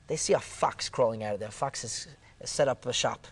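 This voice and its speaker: A man, a rabbi, retelling a Talmud story in a dramatic way, going from hushed to exclaiming and using Hebrew terms. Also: medium pitch, wildly swooping pitch, a little fast, breathy edge. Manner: peppers speech with Hebrew and Aramaic terms. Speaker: rabbi leading a Talmud discussion.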